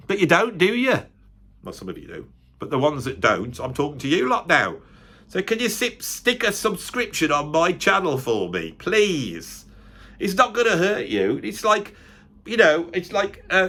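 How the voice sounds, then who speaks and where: A man's voice: fairly high pitch, a bit bright. A middle-aged man with a West Midlands English accent talks straight to camera in a loose, wandering vlog monologue. He pokes fun at himself and keeps tossing rhetorical tag questions at his viewers. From West Midlands, England. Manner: self-deprecating, chatty, rhetorical tag questions. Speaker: music critic YouTuber and drummer. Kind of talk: rambling casual monologue to camera.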